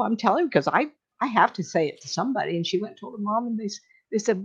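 An older woman, a medium, telling stories in a casual, animated way on a talk show, acting out the voices she quotes and laughing often. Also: mid-range voice, brisk. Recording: dull lo-fi sound.

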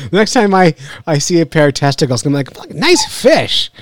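A man hosting a fishing podcast, chatting casually in a joking, rambling way and laughing often. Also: fairly high pitch. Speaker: podcast host. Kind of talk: casual chat.

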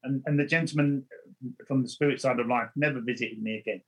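A man's voice: medium pitch, fairly even intonation, fast talker, breathy edge, rough recording. A man, a medium, earnestly recounting his experiences in conversation and often restarting his words. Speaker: spiritual medium. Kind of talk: storytelling in conversation.

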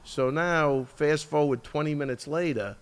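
A man's voice: a little high, moderate pace, a loud crowd. A man, a fight coach, telling a story in casual podcast chat, with a loose, profane manner. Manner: storytelling, animated impressions, swearing.

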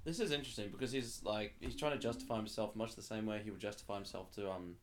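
A man's voice: fairly low pitch, quick pace, a little hiss or hum. A man on a casual movie commentary podcast, making laid-back, thoughtful comments. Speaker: podcast co-host.

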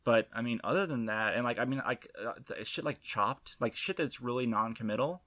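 A man with a mid-range voice co-hosts a podcast, sounding brisk, bright, and forceful. The chat is casual, and he rambles with lots of restarts and fillers.

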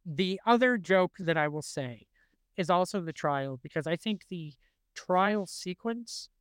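Podcast co-host, man in his forties, higher voice, smooth tone, dry close-mic sound, chatty and animated. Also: a little slow, no room sound. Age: 40s. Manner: animated, quotes cartoon lines in funny voices. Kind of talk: casual chat.

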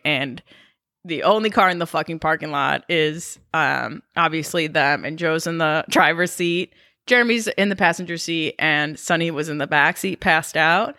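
A young woman co-hosting a podcast, telling a story in a casual, animated way and swearing freely. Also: low-pitched, dry recording, clean studio sound. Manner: animated, swearing, acts out quotes. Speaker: podcast co-host.

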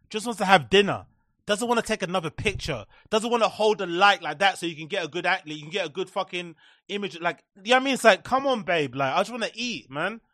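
A man's voice: high voice, fairly bright tone, dry recording, clean studio sound. A man hosting a podcast, ranting sarcastically and profanely about online clips, with mocking impressions. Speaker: podcast host. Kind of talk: comedic commentary on clips.

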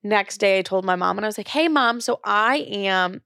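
A young woman speaks in a relaxed, confessional monologue, her voice catching into a gravelly fry at the ends of phrases. She talks frankly and loosely, full of "like" and the odd curse. The recording is close and dry, with no room sound. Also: medium pitch, moderate pace, dry recording. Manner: casual, frank, filler-heavy talk with frequent "like" and swearing. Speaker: podcast host. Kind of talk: candid personal monologue.

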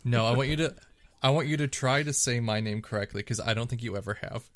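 A man's voice: medium pitch, quick pace. A man teasing friends and ranting bluntly in a casual podcast chat. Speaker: podcast co-host.

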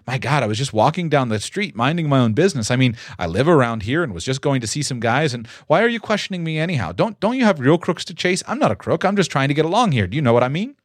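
A man's voice: medium pitch, very animated, fast, few pauses, dry recording, studio quality. A man voicing a nervous young man who rambles defensively while a police officer questions him.

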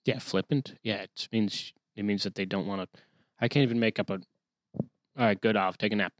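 A male podcast host chats casually on his own, rambling, sarcastic, and swearing often, and he breaks off his own reading to comment. His voice is fairly low at normal speed, recorded in clean studio sound with no room sound.

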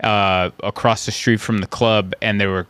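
A man, a stand-up comedian, telling stories in casual chat and now and then jumping into high voices for the people in them. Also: moderate pace, clean tone, no room sound. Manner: animated, acts out characters in high voices. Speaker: stand-up comedian, podcast host.

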